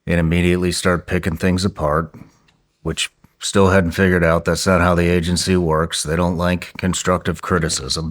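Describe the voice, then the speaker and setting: A man hosting a podcast, telling his side of a story in blunt, profane, clipped phrases. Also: sits low. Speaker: podcast host. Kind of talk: casual storytelling.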